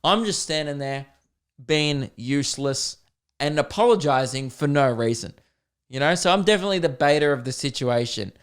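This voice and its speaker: A young man hosting a podcast, telling a comedic story in a casual, animated, self-deprecating way, with plenty of swearing. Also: a little high, normal speed, smooth. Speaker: podcast host.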